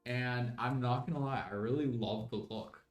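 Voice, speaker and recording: A man's voice: medium pitch, normal speed, reverberant, soft background music. A young man streaming a game, chatting in a rambling way and slipping into mock British slang. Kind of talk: casual live-stream chat while gaming.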